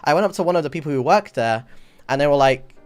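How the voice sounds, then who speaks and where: Swearing, animated streamer man telling a story. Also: on the high side, fast, clear, resonant tone, faint music behind. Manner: animated, swears a lot, acts out voices in the story. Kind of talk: casual storytelling chat.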